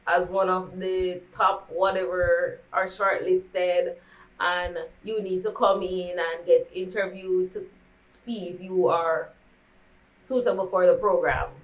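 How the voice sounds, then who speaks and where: A young woman with a Jamaican accent telling a candid storytime vlog, slipping into patois as she talks. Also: lowish voice. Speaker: vlogger. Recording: dull lo-fi recording.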